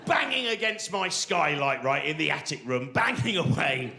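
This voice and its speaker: This stand-up comedian in his 40s performs live on a theatre stage before an audience, rambling and digressing with plenty of tag questions. His high male voice swings widely in pitch, sounding creaky and sharp at a moderate pace.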